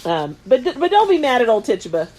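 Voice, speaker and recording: A woman's voice: fairly high pitch, very animated, quick pace, darkish tone, slight background noise. A woman in her late thirties, co-hosting a podcast and retelling history in casual chat, rambling and full of filler words. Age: late 30s. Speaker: podcast co-host.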